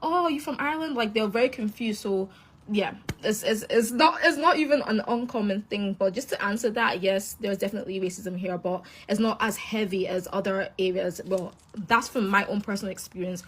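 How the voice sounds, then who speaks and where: A woman's voice: medium pitch, moderate pace, slightly rough. A woman with a Scottish accent talking casually and reflectively to camera. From Scotland. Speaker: content creator.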